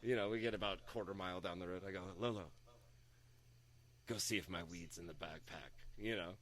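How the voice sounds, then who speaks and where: Animated man telling a story, bright voice. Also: brisk. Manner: animated anecdote-telling, swearing, acting out quotes with raised pitch. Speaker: podcast co-host. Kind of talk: casual storytelling chat.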